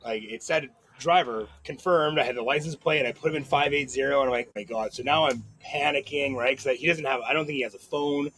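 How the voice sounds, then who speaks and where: A man hosting a podcast, telling a rambling story in casual chat with quick asides and frequent swearing. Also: medium pitch, fairly bright tone, slight background noise, rough recording. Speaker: podcast host.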